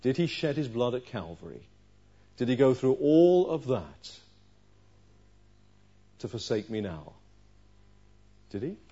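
A husky man preaching a sermon in an even middle pitch. He presses the congregation with question after question, rising loud and then dropping to a hush. The recording is dull and lo-fi. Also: takes it slowly, long pauses. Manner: earnest preaching with rhetorical questions, swinging from loud to hushed.

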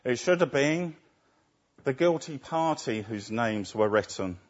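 A man's voice: medium pitch, expressive, a little slow. A man preaching a sermon, often asking his listeners rhetorical tag questions. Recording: dull lo-fi recording.

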